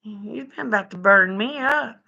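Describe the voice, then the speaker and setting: A middle-aged woman chatting with her viewers on a live stream from home, folksy and quick to laugh. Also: medium pitch, vocal fry, bright, forceful tone, dull audio. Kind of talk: casual chat with viewers. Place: home, indoors.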